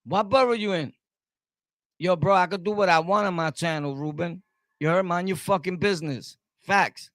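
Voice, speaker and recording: Here a Brooklyn-accented male streamer, originally from Brooklyn, New York, rants at his chat in a heated, combative way, going over his points again and again. His voice is high-pitched and a bit bright, delivered at a moderate pace in a studio-quality recording with no room sound.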